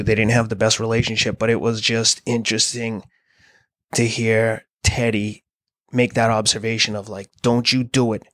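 A man's voice: fairly low pitch, a bit bright, no room sound. A man in his thirties, a podcast host, telling a rambling story in casual conversation, with many fillers and restarts. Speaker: podcast host, endurance athlete.

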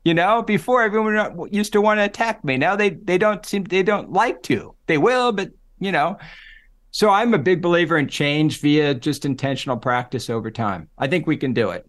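A middle-aged man, a psychology professor, talking in a relaxed interview and acting out the voices he quotes. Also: high-pitched, moderate pace. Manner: animated storyteller, acts out quoted voices. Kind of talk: casual conversational interview.

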